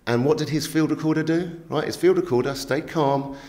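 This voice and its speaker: A man, a magazine editor telling stories in an animated interview, emphatic and streetwise, often checking in with "yeah?" and "right?". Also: fairly high pitch, a little fast. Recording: echoey room.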